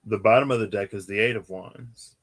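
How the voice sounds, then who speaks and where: A man's voice: fairly low pitch, steady tone, brisk. A man doing a casual live tarot reading, chatty and given to laughing and wandering off into asides. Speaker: tarot reader.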